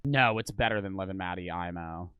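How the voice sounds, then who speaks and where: A man's voice: deep voice, fast talker, lo-fi sound. A young man streaming, chatting casually with blunt, profane humor. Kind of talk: casual chat.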